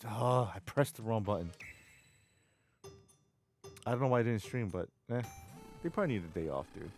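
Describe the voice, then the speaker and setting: A rambling streamer with a New York accent and a low voice, talking to his chat between game rounds. Faint music plays under his casual talk. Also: lively intonation, normal speed, a little mellow. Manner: chatty, rambling, reads chat aloud. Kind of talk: casual live-stream chat while gaming.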